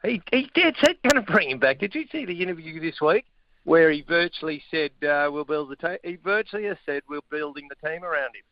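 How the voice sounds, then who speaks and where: A middle-aged man, a former rugby player talking sport as a radio guest in a blunt, chatty, excitable way. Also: fairly high pitch, brisk, lo-fi sound. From Australia. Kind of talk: casual sports chat.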